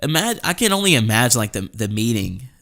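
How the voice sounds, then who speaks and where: A man's voice: medium pitch, big pitch swings, fairly quick, vocal fry, pushed and bright. A young man hosting a podcast, talking casually, with frequent restarts and repeated words. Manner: hesitant, repeats words, lots of fillers. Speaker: podcast host. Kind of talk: casual chat.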